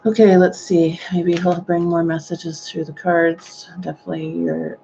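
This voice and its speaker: Gentle gravelly-voiced woman medium. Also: fairly low pitch, level tone, normal speed, hardly any pauses, dull audio, slight background noise. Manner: gentle, hesitant, with sighing exclamations. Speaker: psychic medium. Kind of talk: live-streamed psychic reading.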